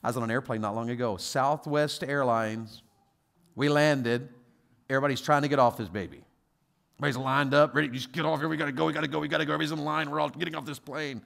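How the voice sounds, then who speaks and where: A man preaching a sermon as a guest pastor, telling stories with quoted voices and moving from quiet asides to loud exhortation. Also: medium pitch, fairly even intonation, fast talker, vocal fry.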